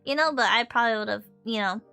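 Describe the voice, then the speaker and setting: A woman's voice: on the high side, fast, gravelly, soft background music. A young adult woman streaming, chatting casually and telling stories with lots of laughter. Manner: animated storytelling, frequent laughter. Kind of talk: casual chat.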